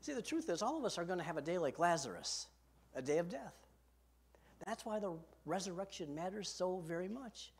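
A man's voice: high-pitched, very animated, a little fast, husky. A man preaching a sermon as pastor from a podium, earnest and emphatic, asking his listeners direct questions. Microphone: podium microphone.

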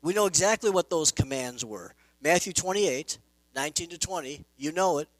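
A man preaching a sermon as pastor, emphatic, swelling loud and dropping soft. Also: a little high, animated, normal speed, dry recording, rough recording. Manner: emphatic preaching with rising and falling volume.

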